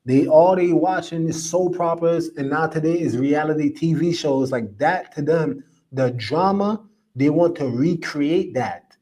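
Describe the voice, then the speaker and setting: A man hosts a live commentary stream, reading viewer comments aloud. He talks in an emphatic, preachy way and repeats phrases for stress. His voice sits a little high for a man. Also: measured pace, dark tone.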